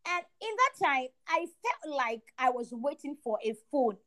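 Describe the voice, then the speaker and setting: Young woman, high voice, podcast co-host, faith testimony, animated, emphatic. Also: unhurried. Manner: animated storyteller, emphatic repetition.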